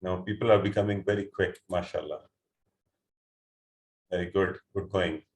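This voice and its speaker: A man's voice: low-pitched, fairly even intonation, normal speed, roomy sound. A man teaching an online class, explaining word meanings patiently step by step, with hesitant fillers and restarts. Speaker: Quran teacher. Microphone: computer mic on an online call.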